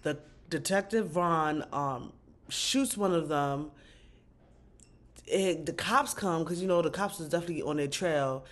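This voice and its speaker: Slangy, animated woman recapping TV. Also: low-pitched, unhurried. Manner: animated, slangy and profane, with outbursts of disbelief. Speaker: TV recap vlogger. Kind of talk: casual recap commentary.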